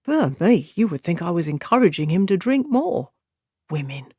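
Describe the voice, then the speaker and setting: A man's voice: sits high, very animated, normal speed, a little mellow, slightly rough, dry recording, clean studio sound, full character voice. A man voicing a brash young man in an audiobook, blunt and casual. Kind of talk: audiobook character voice.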